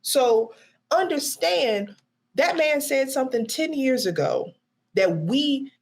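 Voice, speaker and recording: A woman's voice: high-pitched, animated, slow. A woman guest on a podcast, speaking in an outspoken, emphatic way and swearing freely. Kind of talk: casual chat.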